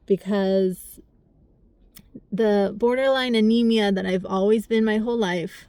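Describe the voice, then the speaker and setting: A woman's voice: mid-range voice, mellow, no echo. A young adult woman telling a personal story to the camera, candid and rambling, with small laughs through the hard parts. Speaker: vlogger. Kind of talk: casual storytime.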